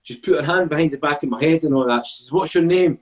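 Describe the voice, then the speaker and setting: Very fast and fairly high-pitched, with the highs cut off, this Scottish man in his forties tells a story as a podcast guest. His talk is casual and full of swearing, and he animatedly acts out the dialogue.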